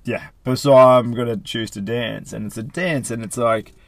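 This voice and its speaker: A man co-hosting a casual podcast chat, encouraging his partner with steady agreeing murmurs. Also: medium pitch, normal speed, creaky, no echo. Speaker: podcast co-host.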